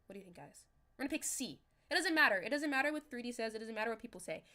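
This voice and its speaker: A young woman chatting casually on a livestream as a manifestation coach, talking straight to her viewers in a loose, animated way. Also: a little high, very fast. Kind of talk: casual livestream talk to chat.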